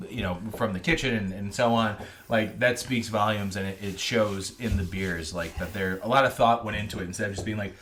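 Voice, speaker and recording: Bright-voiced rambling podcast host. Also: male voice, on the low side, a little hiss or hum. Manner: rambling, lots of fillers and restarts. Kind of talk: casual podcast chat.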